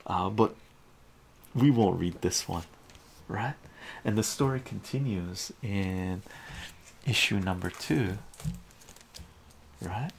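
A man softly reading and describing a comic book for an ASMR channel, in a relaxed, amused way. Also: on the low side, slow, creaky, pauses often, a little hiss or hum.

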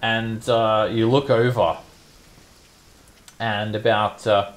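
A man narrating as game master for a tabletop game, casual and halting. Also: fairly low pitch, flat delivery.

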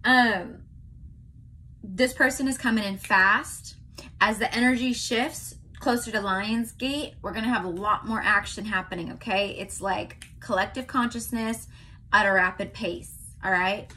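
A woman's voice: mid-range voice, unhurried, bright, forceful tone, slight background noise. Chatty woman giving a tarot reading. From California. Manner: chatty, keeps checking in with "okay?". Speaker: tarot reader. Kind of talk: casual tarot reading to camera.

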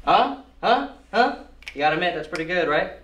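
A man's voice: sits high, sing-song, brisk, a bit bright, muffled recording, slight background noise. A man playing a cheerful, cocky struggling actor who boasts and mangles French words. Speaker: actor in a student film. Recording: echoey room from far off.

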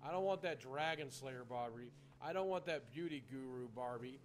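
A young man in crude joking game chat who repeats his lines faster and louder as he panics. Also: medium pitch, slight background noise. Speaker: gamer.

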